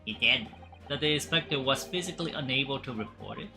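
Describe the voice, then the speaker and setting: A woman's voice: extremely low pitch, fast talker, music in the background. A woman streaming a courtroom game, reading its dialogue aloud and breaking off to laugh and joke. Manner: laughs often, playful and animated. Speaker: gaming streamer. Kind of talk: let's play with read-aloud dialogue.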